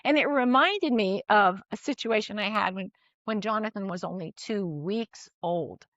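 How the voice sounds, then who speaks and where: A middle-aged woman, a guest, telling a personal parenting story in casual conversation. She talks in an animated way, often restarts her sentences and laughs between phrases. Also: medium pitch, moderate pace, no echo, highs cut off.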